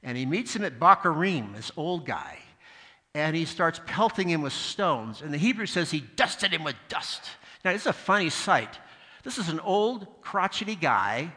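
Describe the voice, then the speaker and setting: A man's voice: a little high, bright, forceful tone. A male pastor giving a sermon, telling stories with asides and acting out the voices of the people in them. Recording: long hall reverb.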